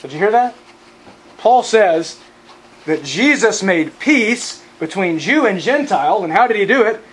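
A man preaching a sermon, emphatic, repeating key phrases for stress and often clearing his throat. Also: sits high, animated, measured pace, fairly bright tone, poor audio.

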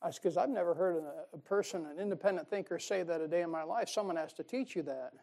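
A man with a fairly high pitch preaches quickly in a folksy, emphatic way. He chuckles at his own jokes and swings from loud stresses to soft asides.

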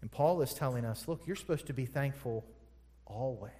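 A man preaching a sermon as pastor, asking rhetorical questions and moving between quiet, low passages and loud, forceful ones. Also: moderate pace, big-room sound.

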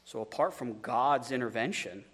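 A man's voice: medium pitch, normal speed, fairly bright tone, breathy edge, long reverb tail. A man preaching a sermon as a pastor, conversational, with stumbling repeats and joking asides.

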